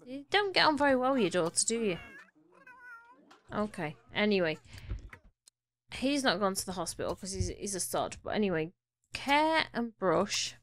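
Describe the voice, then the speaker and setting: Woman, casual gameplay commentary, chatty, fond, mid-pitched voice. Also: big pitch swings, normal speed, a little hiss or hum. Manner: chatty, talks fondly to her game characters. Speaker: gaming YouTuber. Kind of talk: casual Let's Play commentary.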